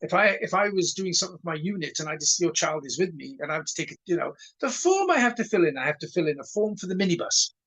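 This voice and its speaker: A man in his sixties tells stories as a guest on an interview show. His voice is husky and sits a little high, and he trips over repeated words while acting out the people he quotes. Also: fast, hardly any pauses, poor audio. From Wales. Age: 60s. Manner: animated storyteller who stutters on repeated words and acts out dialogue. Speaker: karate instructor and guest. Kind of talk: casual storytelling interview.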